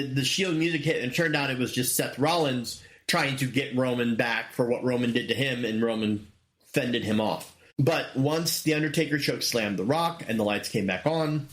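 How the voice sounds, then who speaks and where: A man in his forties hosting his own show, telling a story in a casual monologue with excited, animated bursts. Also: mid-range voice, moderate pace. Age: 40s. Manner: excited, animated retelling with sudden loud bursts. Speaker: podcast host.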